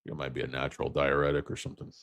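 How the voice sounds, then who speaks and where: A man's voice: rumbling low, monotone, rapid-fire, fairly bright tone, no echo. A man in his fifties hosting a stock livestream, rambling and joking off on tangents; he sounds tired and as if he is losing his voice. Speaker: host.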